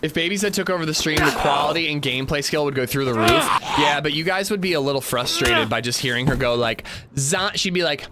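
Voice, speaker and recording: On a very noisy livestream, a male game streamer in his thirties talks fast with few pauses in a slightly high voice. He's chatty and jokey, calling out viewers by name between comments on the game.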